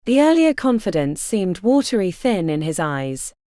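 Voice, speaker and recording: A woman narrating a fantasy audiobook in an expressive storytelling voice, recorded on a close studio mic. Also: mid-range voice, moderate pace, dry recording. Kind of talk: scripted narration.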